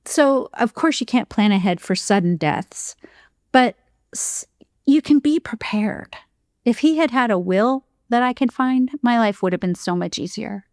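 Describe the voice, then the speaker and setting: A woman's voice: on the high side, lively intonation, measured pace, a little mellow, no room sound, studio quality. A woman speaking as a grief coach guest on a podcast, earnest and emphatic, laughing easily. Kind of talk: podcast interview conversation.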